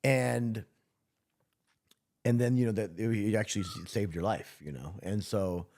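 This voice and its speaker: A man recounting a past drinking episode as an interview guest, profane and rambling, laughing through dark moments. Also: lowish voice, fairly even intonation, unhurried, creaky. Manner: profane, rambling, many restarts. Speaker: podcast guest. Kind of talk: casual storytelling interview.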